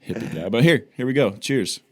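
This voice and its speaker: A man's voice: mid-range voice, animated, brisk, darkish tone, husky. A man co-hosting a casual podcast, playful and teasing, chatting in an upbeat way. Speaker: podcast co-host. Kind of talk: casual chat.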